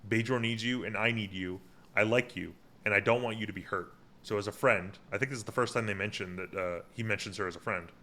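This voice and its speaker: A man's voice: lowish voice, fast talker, sharp tone. A man co-hosting a podcast, recapping an episode in casual chat and paraphrasing the scenes with lots of fillers.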